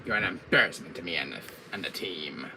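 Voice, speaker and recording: A man's voice: animated, brisk, background noise. A man putting on the voice of a cold, smug male villain mastermind as a live-stream impression. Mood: taunting. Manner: low, smug, taunting.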